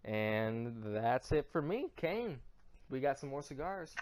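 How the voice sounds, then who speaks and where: Animated, joking podcast host. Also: male voice, mid-range voice, takes it slowly. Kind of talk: casual sports podcast chat.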